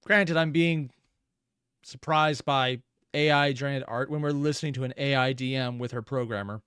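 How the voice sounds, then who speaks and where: A woman's voice: a bass voice, steady tone, moderate pace, fairly bright tone, smooth, no echo, clean studio sound. A woman hosting a reaction video, making self-deprecating jokes in casual commentary. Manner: self-deprecating, joking asides. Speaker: reaction host.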